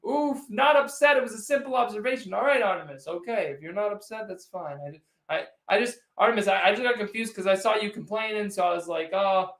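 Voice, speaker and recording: A man's voice: sits high, quick pace, hardly any pauses, a bit bright. A man hosting a casual postgame livestream, rambling and teasing as he answers viewers' chats directly. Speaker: sports livestream host. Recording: echoey room.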